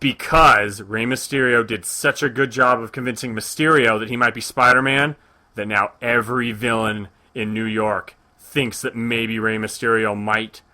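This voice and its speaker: Young male co-host, very bright tense voice, animated storyteller for a comedy chat. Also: medium pitch, normal speed. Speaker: podcast co-host.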